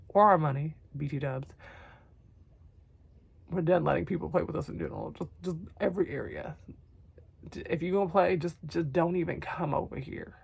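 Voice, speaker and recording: A young woman talking tenderly to herself on camera in a vlog, soft and often whispery, teary, her voice going hoarse. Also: deep voice, normal speed, pauses often. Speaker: vlogger. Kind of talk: emotional self-talk to camera.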